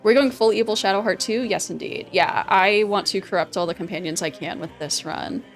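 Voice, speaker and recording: Woman streamer, casual gameplay commentary, excitable, swears a lot, laughs often, faint music behind. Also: mid-range voice, fairly quick.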